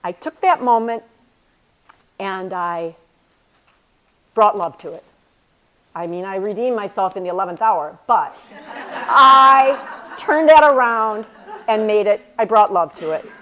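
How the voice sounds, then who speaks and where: A middle-aged woman gives an inspirational faith talk to a women's group. She speaks earnestly in a medium-pitched voice. She slows down to stress and repeat her key phrases. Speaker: speaker at a women's church retreat.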